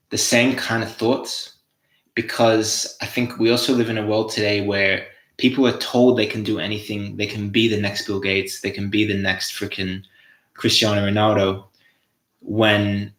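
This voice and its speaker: A man's voice: lowish voice, a bit bright, roomy sound. A young Australian man hosting a casual motivational monologue, swearing freely and restarting his phrases. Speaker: host.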